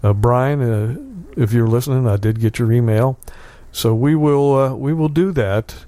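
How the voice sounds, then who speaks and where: Smooth-voiced man hosting local radio. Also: medium pitch, warm tone. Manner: halting, many uh fillers. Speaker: radio host. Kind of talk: casual local radio chat. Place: small radio studio.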